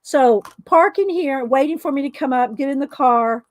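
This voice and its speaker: This middle-aged coloring video host tells rambling stories and laughs often as she colors on camera. Her voice is high and her speed normal, captured in a dry recording.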